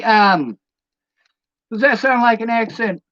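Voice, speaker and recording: A man's voice: high voice, sing-song, unhurried, fairly bright tone, no echo, lo-fi sound. A man delivering a blunt, profane rant as a monologue to camera, throwing out rhetorical questions. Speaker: vlogger.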